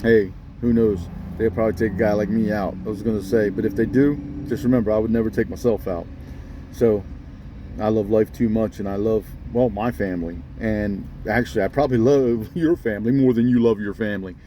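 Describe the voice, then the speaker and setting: A man's voice: fairly low pitch, fairly even intonation, brisk, background noise. A man ranting straight at his viewers in a blunt, scolding way, often pressing them with "okay?". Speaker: vlogger addressing viewers. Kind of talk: ranting monologue to camera.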